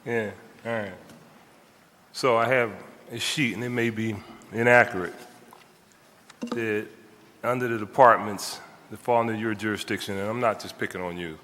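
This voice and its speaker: A man's voice: on the low side, steady tone, normal speed, pushed and bright. A man council member questioning an official at a hearing, pressing and interrupting, repeating his phrasing. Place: city council hearing chamber. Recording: reverberant council chamber.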